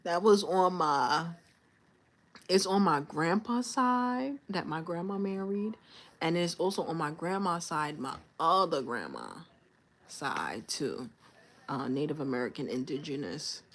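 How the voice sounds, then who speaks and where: A woman's voice: sits low, lively intonation, measured pace. A young woman chatting casually on a livestream, telling a story and acting out her coworkers and her manager. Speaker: livestream host. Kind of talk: casual livestream chat with viewers.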